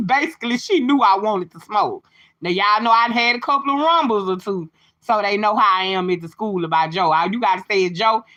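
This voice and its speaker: A woman's voice: mid-range voice, a bit bright. A woman talking casually to her livestream viewers, chatty and open, sharing a personal testimony. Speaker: livestream host.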